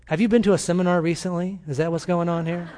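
A man's voice: sits high, fairly even intonation, fast, noisy background, pitched above the performer's own voice, natural voice. A man voicing a cheerful, easygoing teenage boy in a sermon story, breezy and a little teasing.

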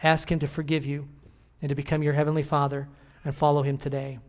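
A pastor closing a church service with a Bible verse and a gentle, earnest prayer to the congregation. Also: male voice, a little high, little pitch movement, fast.

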